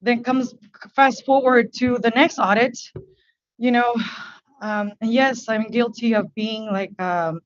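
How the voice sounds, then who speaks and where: A woman speaking English as her second language, a business owner testifying before a board in a halting, earnest, emotional way. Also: a little high, fairly even intonation, dry recording, lo-fi sound. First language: not English. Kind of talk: testimony at a public hearing. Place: hearing room.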